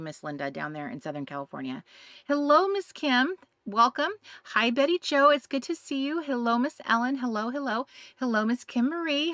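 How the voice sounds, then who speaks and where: A woman's voice: a little high, a bit bright, no room sound. Woman, craft livestream host, chatty, lots of fillers, dry close sound. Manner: chatty, greets viewers one by one, many fillers. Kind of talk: casual livestream chat.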